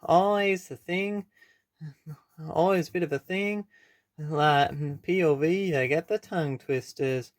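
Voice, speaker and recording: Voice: medium pitch, slow pace, dry recording, studio quality, close to an everyday voice. A performer voicing a bouncy, chatty friend in a comedy sketch. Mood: chirpy.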